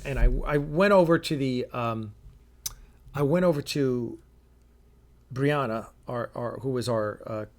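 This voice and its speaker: Rambling middle-aged man hosting a chat. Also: medium pitch. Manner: rambling, with many fillers and restarts. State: sipping coffee while talking. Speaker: show host and producer. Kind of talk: casual live-stream chat reading viewer comments.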